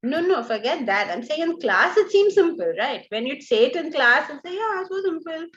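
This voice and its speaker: A high-pitched woman teaching a class, her voice leaping up and down as she throws rhetorical questions at her students. The recording is a little muffled and lo-fi. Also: very animated, normal speed, fairly bright tone. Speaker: Vedanta teacher. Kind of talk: class lecture on scripture.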